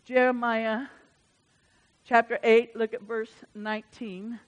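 A woman preaching a sermon in church. She swings from hushed asides to loud, emphatic bursts. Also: a little high, level tone, slow, dull audio. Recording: reverberant church hall.

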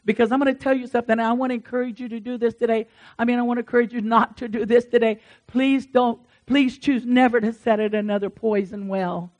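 A woman's voice: on the high side, fairly even intonation, fast, a little mellow. A woman preaching a conversational sermon in an earnest, encouraging and folksy way, with asides to her congregation.

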